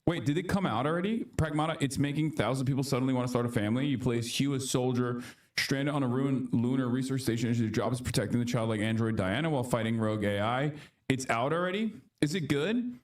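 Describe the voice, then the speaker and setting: A man's voice: medium pitch, fast. A male streamer commenting casually on gaming news in a dismissive, mocking tone. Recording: distant clip played back.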